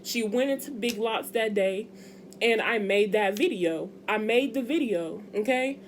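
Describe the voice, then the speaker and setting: Young woman, casual vlog chat, animated and emphatic, slight background noise. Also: medium pitch, a little slow. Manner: chatty, emphatic, addresses viewers as y'all. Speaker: vlogger.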